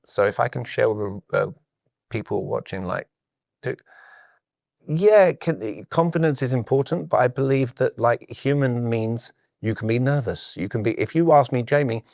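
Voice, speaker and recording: A man's voice: medium pitch, creaky, no room sound, studio quality. A middle-aged British man with a British accent, a sales coach who talks as a podcast guest and acts out the conversations he recalls. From Britain. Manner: animated storyteller who acts out quoted exchanges.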